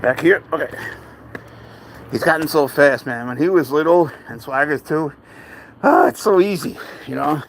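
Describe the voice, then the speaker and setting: A fairly high-voiced man filming himself on a walk outside, talking to his pet in a loose, buddy-like way. He soothes and jokes with the animal between asides to the camera, with a faint outdoor hum and passing traffic behind him. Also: normal speed, long pauses. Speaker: pet vlogger. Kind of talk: casual vlog talk to camera and pet. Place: outdoors, walking near a cemetery.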